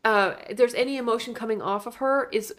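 A woman's voice: on the high side, brisk. A woman co-hosting a casual podcast, giving emphatic, exasperated commentary. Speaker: podcast co-host. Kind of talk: casual movie chat.

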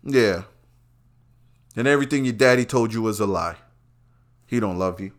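A man, a podcast host talking in a brash, rambling, profane monologue that swings from quiet asides to loud outbursts. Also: fairly low pitch, brisk. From Brooklyn, New York. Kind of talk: profane casual commentary monologue.

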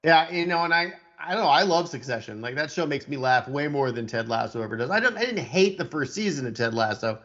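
A man's voice: on the high side, lively intonation, quick pace, hardly any pauses, a bit bright. Texas guy griping about tv shows, blunt, trips over his words, kinda muffled audio. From Texas, USA. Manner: opinionated, blunt, stammering restarts. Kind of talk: casual chat about television. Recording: dull lo-fi sound.

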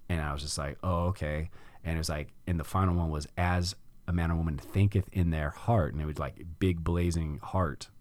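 Very deep-voiced man telling a story. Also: brisk. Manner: animated storytelling, acts out his own past reactions, swears freely. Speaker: podcast host. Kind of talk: casual conversation, telling a personal story.

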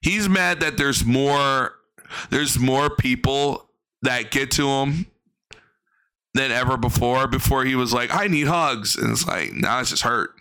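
A man's voice: medium pitch, unhurried, pushed and bright, clear, resonant tone. A man giving blunt, profane commentary on a livestream, ranting in exasperation.

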